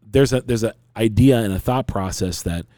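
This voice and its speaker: A man's voice: on the low side, normal speed, warm tone, no room sound, studio quality. A middle-aged man hosting a casual talk show, telling a story in a frank, rambling way with many restarts. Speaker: podcast host.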